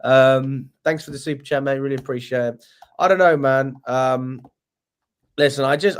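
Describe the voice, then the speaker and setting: A man's voice: medium pitch, moderate pace. A young man, hosting a casual fan livestream, chatty and swearing freely. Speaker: fan channel host.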